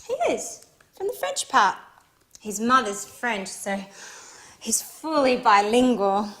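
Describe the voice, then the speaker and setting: Actress as high-voiced, flustered young woman. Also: very animated, takes it slowly, fairly bright tone, heavily acted. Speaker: actress in a teaching drama. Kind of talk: scripted dialogue for learners.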